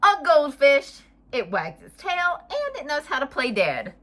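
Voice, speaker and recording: A woman voicing a shifty male pet seller in a picture book, pitching odd animals persuasively. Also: huge pitch swings, measured pace, fairly bright tone, full character voice. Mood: salesy. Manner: persuasive, salesy.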